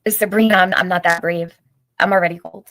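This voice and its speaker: A chatty middle-aged woman hosts a casual livestream. Her voice sits a little low, and she greets viewers by name and laughs often. The sound is dry and close, with no room around it. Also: fairly even intonation, fairly quick, a bit bright, dry recording, low-quality recording. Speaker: livestream host.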